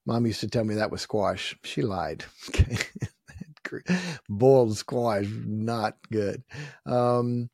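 A man's voice: lowish voice, fairly even intonation, slow, creaky, a little mellow, no echo, studio quality. A man preaching as a pastor in a folksy, repetitive style, with sudden emphatic bursts. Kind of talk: sermon.

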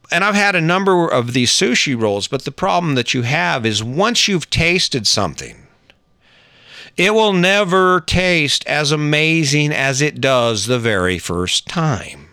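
A man's voice: mid-range voice, pushed and bright, smooth, dry recording, studio quality. A middle-aged man telling a personal story and giving relationship advice in an earnest, conversational way, often restarting his sentences.

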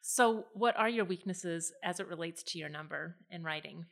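Woman cohost on a podcast, kinda low voice, reflective, laughs easy. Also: normal speed, creaky, a bit bright. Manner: reflective, thoughtful, laughs easily. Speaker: podcast co-host. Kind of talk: casual podcast chat.

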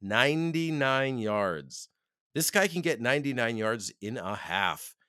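A Canadian man co-hosting a casual sports chat show, animated and quick to laugh as he talks football. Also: medium pitch, dry recording, clean studio sound. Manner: excitable, animated, laughs often. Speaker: podcast co-host.

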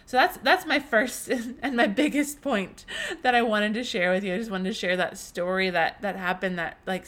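A woman's voice: medium pitch, fairly bright tone. A young woman hosting a faith podcast, telling a personal story in an earnest, emotional way, with many restarts and fillers. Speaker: podcast host.

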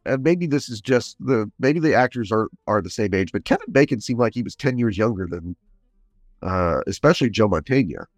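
A man's voice: fairly low pitch, lively intonation, brisk, dry recording. A man co-hosting a film podcast in casual chat, speaking bluntly and critically. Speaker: podcast co-host.

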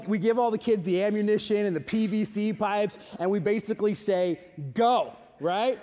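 A man, a youth pastor, telling a story in a sermon, animated, swinging from loud excitement to hushed reflection. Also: high voice. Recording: long hall reverb.

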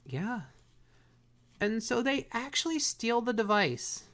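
A woman's voice: on the high side, big pitch swings, slow pace, fairly bright tone. A young woman co-hosting a podcast, recapping a cartoon episode in slangy, laid-back casual chat that often trails off. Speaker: podcast co-host.

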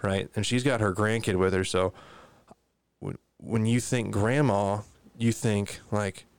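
A man's voice: on the low side, fairly even intonation, a little slow, clear, resonant tone, dry recording. A young adult man telling a rambling, profane anecdote in casual chat.

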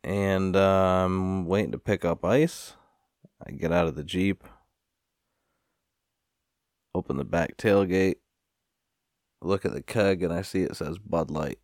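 Deep-voiced man ranting casually. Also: unhurried, a little mellow, dry recording, studio quality. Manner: rambling, profane, sighing. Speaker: vlogger. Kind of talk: casual storytelling rant.

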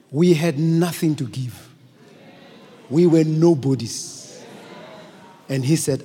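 Bishop preaching, slow and emphatic, fairly high voice, reverberant church hall. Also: male voice, mellow, husky. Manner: emphatic, repetitive, call-and-response. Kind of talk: sermon. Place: church service.

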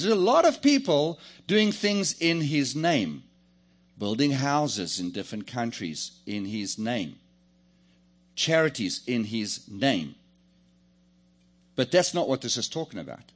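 Lively joking preacher man. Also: fairly low pitch, normal speed. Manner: lively, joking, calls on the congregation. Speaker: pastor. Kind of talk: sermon.

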